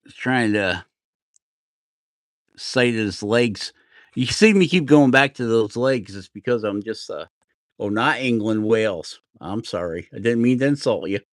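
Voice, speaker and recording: A man's voice: mid-range voice, expressive, moderate pace, dry recording. A middle-aged man from New Jersey talks loosely while carving and chats with viewers of his livestream. He rambles from topic to topic and laughs at himself as he goes. His voice is recorded close and dry, with no room sound. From New Jersey, USA. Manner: rambling, self-deprecating, laughs often. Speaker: woodcarving livestream host. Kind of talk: casual chat while carving.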